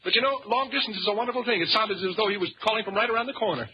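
A man's voice: high-pitched, rapid-fire, close to an everyday voice. A man playing a flustered, wisecracking sitcom lead who stammers often, in 1940s radio comedy on a muffled old recording with faint hiss.

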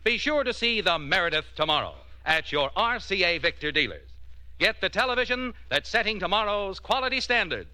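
Man, radio announcer, very bright tone, high lively pitch, polished ad read. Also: a little fast. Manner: polished, emphatic. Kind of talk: scripted commercial read.

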